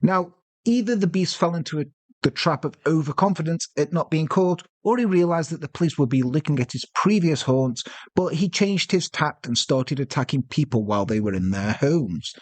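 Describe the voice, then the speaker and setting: A man co-hosting a podcast, telling a true-crime story with joking, deadpan asides. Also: fairly high pitch, moderate pace, no room sound. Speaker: podcast co-host.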